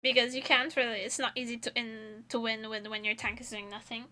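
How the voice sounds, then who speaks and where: A woman's voice: fairly high pitch, flat delivery, a little fast, bright, forceful tone. A young adult woman streaming, chatting casually in a self-mocking way and swearing freely. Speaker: vtuber streamer.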